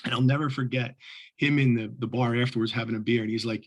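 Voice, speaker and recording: A middle-aged man, a lacrosse official, telling stories to fellow officials in an animated way with many restarts. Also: medium pitch, fast talker. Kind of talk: storytelling talk to officials.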